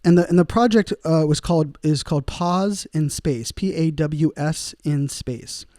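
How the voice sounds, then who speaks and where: Podcast host, male, loose rambling delivery, mellow tone, slightly higher voice, close dry sound. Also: measured pace, no room sound. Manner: rambling, many fillers, laughs at own puns. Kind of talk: casual solo podcast monologue.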